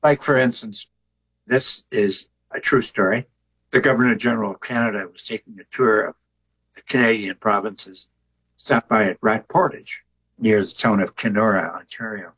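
An older man, an author and artist, talking in an interview with a relaxed, joking storytelling manner. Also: fairly low pitch, moderate pace, husky, low-quality recording. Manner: relaxed storyteller who jokes.

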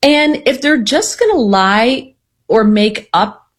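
Husky, opinionated woman commentator. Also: on the high side. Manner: opinionated, animated, quick asides. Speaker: political commentator. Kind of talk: casual political chat.

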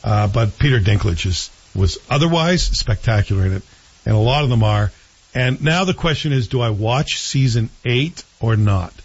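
Husky-voiced chatty male host. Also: medium pitch, animated, moderate pace, muffled recording. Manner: chatty, opinionated, rambling with self-corrections. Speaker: show host reviewing TV series. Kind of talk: casual chat.

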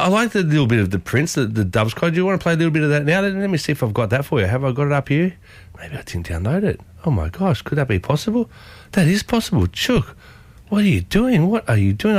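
An Australian man hosts a morning radio show in a dry, close studio. His voice sits in a middle pitch, and he talks in a lively, chatty way, calling his listeners folks. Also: no room sound. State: coughing. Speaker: radio host.

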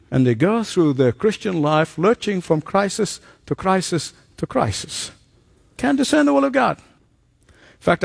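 High-voiced preacher, dry and close. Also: male voice, vocal fry, dry recording. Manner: animated storytelling, acts out quoted voices. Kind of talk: sermon.

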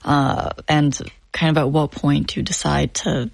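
A woman interviewer asking gentle, prompting questions in a conversational way. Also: low voice, little pitch movement, unhurried, creaky, no echo.

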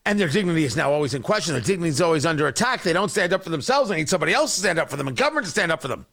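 A man's voice: on the high side, big pitch swings, very fast, a bit bright. A man hosting a talk show, delivering an impassioned, sarcastic opinion monologue.

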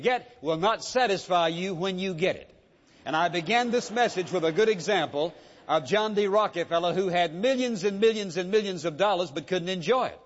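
A man's voice: high-pitched, lively intonation, normal speed. A pastor preaching a sermon, pressing his point with rhetorical questions and repeated words. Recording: dull lo-fi sound in a reverberant hall.

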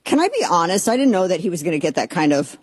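Brief: female talk radio host, fairly low voice, exasperated and mocking, close and dry. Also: very animated, fast talker, breathy edge, no echo. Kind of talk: opinionated talk radio monologue. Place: radio studio, simulcast.

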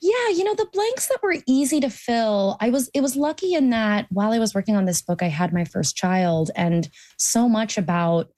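A woman's voice: a little high, animated, normal speed, hardly any pauses, darkish tone. A young American woman, a cartoonist, talking thoughtfully in a radio interview, with frequent restarts and "like" fillers. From United States. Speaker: cartoonist guest.

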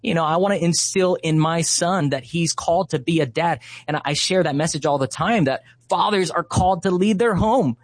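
A man's voice: a little high, moderate pace, hardly any pauses, no room sound. Earnest man telling a faith story. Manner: heartfelt, with frequent "uh" and "you know". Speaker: ministry leader and guest.

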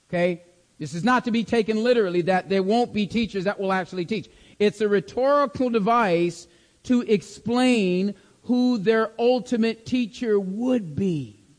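High-voiced man teaching a sermon. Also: darkish tone, long reverb tail. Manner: emphatic, repeats phrases, checks in with "okay?". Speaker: preacher. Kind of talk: sermon-style Bible teaching.

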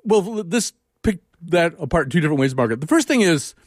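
A man hosting an interview chat, telling stories in a lively way with many filler words. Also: on the high side, fast talker, no room sound, clean studio sound. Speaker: host.

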